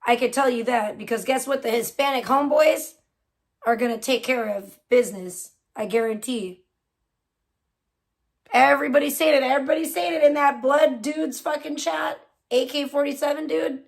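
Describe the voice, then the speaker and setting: A high-pitched woman talks straight to her livestream chat. She swears freely and speaks bluntly and heatedly, like she's venting to friends from a home streaming setup. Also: normal speed, gravelly. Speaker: livestream host. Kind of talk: casual live-stream chat with viewers.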